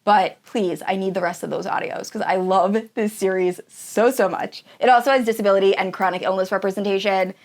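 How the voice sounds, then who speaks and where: Woman, book reviewer, casual chat, enthusiastic, gushing, lots of fillers, mid pitch. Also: fairly even intonation, fairly quick, few pauses. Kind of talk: casual tier-ranking chat.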